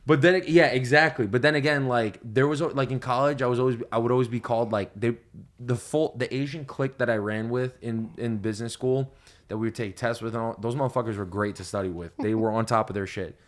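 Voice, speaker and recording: A young man hosts a casual podcast, spinning long profane stories and cracking himself up at the payoff. His voice sits in a middle pitch, and he talks in loose, rambling bursts full of fillers. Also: fast talker. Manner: profane, animated storyteller, laughs loudly at punchlines. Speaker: podcast host. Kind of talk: casual storytelling chat.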